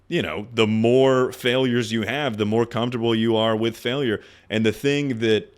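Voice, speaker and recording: A young man streaming live, giving loose advice to his chat in a joking, rambling way with plenty of swearing. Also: lowish voice. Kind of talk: casual livestream chat.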